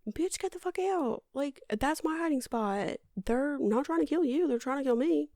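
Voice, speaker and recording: A woman's voice: sits high, lively intonation, moderate pace, mellow, no echo, studio quality, voice pushed up. A woman putting on the voice of a panicked young bride who snaps at someone. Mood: irritated.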